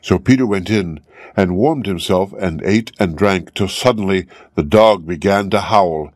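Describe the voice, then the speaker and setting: A man reading a fairy tale aloud clearly and steadily as an audiobook for English learners. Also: low-pitched, measured pace, no echo, studio quality. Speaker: storyteller.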